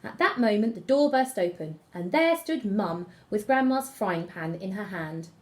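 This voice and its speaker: A woman teacher reading a fairy tale aloud to children, with expressive storytelling. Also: mid-range voice, moderate pace. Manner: expressive storytelling, gasps and whispers.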